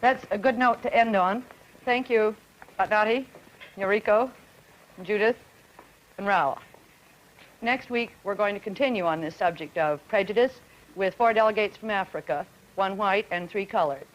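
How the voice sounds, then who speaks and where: A woman moderating a 1950s radio panel discussion, asking brisk, leading questions. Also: medium pitch. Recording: dull vintage broadcast audio.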